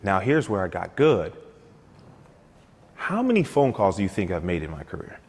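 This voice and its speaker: A man's voice: low voice, normal speed, slightly rough, long reverb tail. A man talking as a guest sales coach on a talk show, telling stories with energy and acting out both sides of sales conversations. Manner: energetic, storytelling, acts out sales dialogues.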